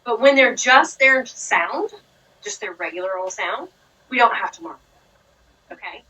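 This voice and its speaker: Bright Southern woman teaching phonics. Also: mid-range voice, lively intonation, measured pace, husky, recorded from a distance, highs cut off. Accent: Southern US (Georgia). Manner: encouraging, praising and explaining patiently to a child. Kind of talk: one-on-one reading lesson.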